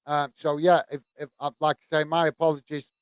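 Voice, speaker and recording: Halting, soft-spoken British man chatting. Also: on the high side, flat delivery, clear, resonant tone, no room sound. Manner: halting, many fillers and restarts. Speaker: host of a football channel. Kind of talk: casual live-stream chat reading out viewer comments.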